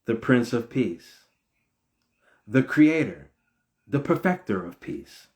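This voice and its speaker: A man's voice: mid-range voice, big pitch swings, slow, darkish tone. A man hosting his own video, giving a casual spiritual talk full of rhetorical questions in a preachy manner. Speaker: video host.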